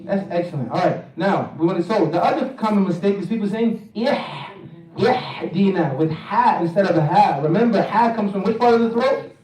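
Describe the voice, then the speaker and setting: A man's voice: sits high, a little fast, warm tone. A man teaching a tajweed class, drilling pronunciation and chanting verses for the group to repeat. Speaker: Quran recitation teacher. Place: mosque hall. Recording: echoey hall, mic at a distance.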